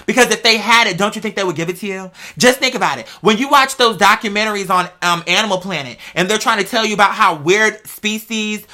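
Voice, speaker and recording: A young adult woman with a bright, forceful voice holds forth in a loose, rambling podcast monologue. She swears freely, keeps calling her listeners "girl", and doubles back mid-sentence. Her pitch sits in an ordinary middle range for a woman. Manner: profane, animated, rambling, addresses listeners as "girl". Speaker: podcast host. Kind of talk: casual monologue.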